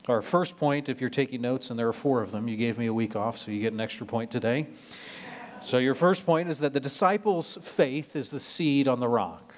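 A man from Nebraska, a pastor preaching a sermon in a conversational way, mixing scripture with personal anecdotes and lively storytelling. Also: medium pitch, a little fast. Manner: lively storytelling, rising when retelling drama.

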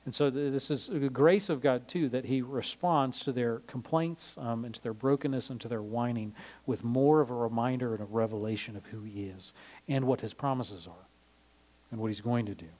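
A man gives a Bible lesson in a sermon style, speaking casually and pausing often with "um"s. His voice sits at a middle pitch. He retells the passage in everyday words. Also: darkish tone. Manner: conversational, many "um" fillers, retells scripture in plain modern words. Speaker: preacher.

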